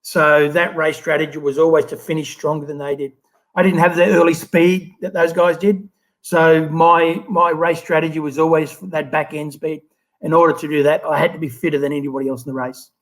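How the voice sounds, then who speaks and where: A man in his fifties with an Australian accent, telling stories in a relaxed interview with lots of fillers and restarts. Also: on the high side, brisk, poor audio. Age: 50s. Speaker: guest, former Olympic swimmer. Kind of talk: casual interview storytelling.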